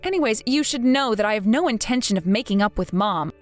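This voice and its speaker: A woman's voice: on the high side, animated, a little fast, soft background music. Firm, cold-spoken woman. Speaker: narrating daughter. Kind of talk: animated story voice acting.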